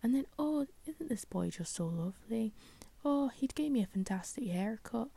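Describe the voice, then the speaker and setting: A woman's voice: a little high, lively intonation, moderate pace, gravelly, dark tone, slightly rough, dry recording, voice pushed up, heavily acted. A woman putting on a gushing old country lady. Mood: gossipy. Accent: put-on rustic country accent. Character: chatty old rural woman gossiping.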